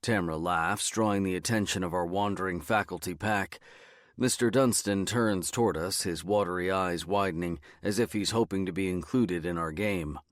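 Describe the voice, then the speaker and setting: Man reading a horror novel, measured and even, low voice, bone-dry studio sound. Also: dry recording. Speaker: audiobook narrator. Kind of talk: scripted first-person narration.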